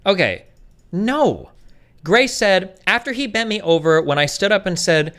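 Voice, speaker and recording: A man's voice: high-pitched, sing-song, a little slow, fairly bright tone. A man hosting a stream, arguing heatedly and profanely in a casual debate, talking over the other speaker. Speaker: streamer host.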